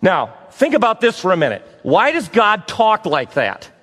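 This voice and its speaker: A man preaching a sermon to a live audience, telling stories and acting out the dialogue with lively energy. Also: high-pitched, normal speed, long reverb tail. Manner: animated, acts out dialogue, talks to the audience. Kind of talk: sermon with storytelling.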